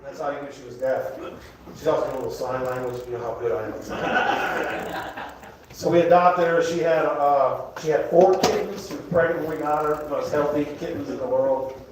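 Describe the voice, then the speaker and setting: A man's voice: a little high, fairly even intonation, fairly quick, distant mic, a little hiss or hum. A man with a Southern US accent doing a rambling stand-up comedy set, often laughing at his own jokes. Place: comedy club, indoors. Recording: echoey club room, live crowd.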